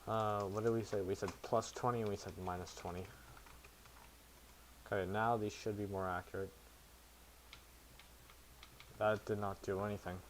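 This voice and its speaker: Low-voiced man thinking aloud while coding. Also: little pitch movement, moderate pace, long pauses, a little hiss or hum. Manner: thinks aloud, self-mocking asides. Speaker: programmer streaming to chat. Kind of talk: casual live coding commentary.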